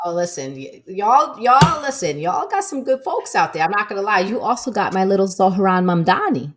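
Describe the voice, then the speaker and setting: A woman from Brooklyn with a Brooklyn accent, co-hosting a podcast in animated casual chat. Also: medium pitch, normal speed. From Brooklyn, New York. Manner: animated, repeats "listen" and "y'all". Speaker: podcast co-host.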